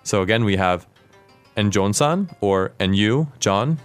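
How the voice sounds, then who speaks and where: A man with a fairly low voice hosts a language-lesson podcast. He explains each word in a clear, patient way and turns to his co-host with questions. Soft music plays faintly behind him. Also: expressive, unhurried.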